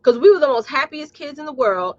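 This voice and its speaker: A woman's voice: high voice, animated, a little fast, dry recording, muffled recording. A woman business coach hosting a live talk, blunt and sassy, calling her audience y'all and preaching about mindset. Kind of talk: live streamed motivational talk.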